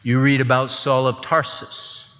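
A man's voice: mid-range voice, little pitch movement, a little slow, a bit bright. A man pastor preaching a sermon with emphatic, dramatic delivery. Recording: long reverb, church hall.

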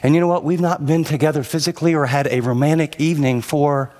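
A male pastor delivering a sermon in a slightly high voice for a man. He tells stories from his own life, then turns straight to the audience with urgent, repeated lines that hammer each point home. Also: fairly even intonation, fast, darkish tone. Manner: storytelling, then urgent direct address to the audience; repetitive emphatic phrasing.

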